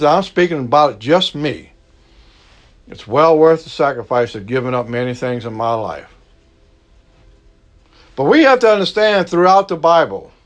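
A middle-aged man with a Southern Cajun accent, preaching a sermon in a slow, folksy way and stretching out his key words. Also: on the high side. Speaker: pastor.

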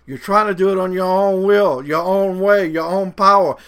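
A man with a Cajun accent delivers a sermon in a somewhat high voice. He preaches earnestly, stretching key phrases slowly and building toward fervent emphasis. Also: fairly bright tone.

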